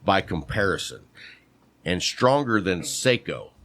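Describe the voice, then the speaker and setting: A man with a fairly low voice runs a playful quiz in a casual podcast chat, calling out "bam" when his co-host gets one right. The sound is dry and close, with no room echo. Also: sing-song, measured pace. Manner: playful quizmaster, shouts "bam" on right answers. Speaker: podcast co-host quizzing on cigar terms.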